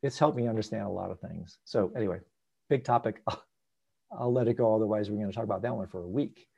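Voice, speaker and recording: A man teaching meditation in a live online Q&A, animated and swinging between loud bursts and soft asides, heard over a video call. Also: fairly low pitch, fast talker, creaky, husky, highs cut off.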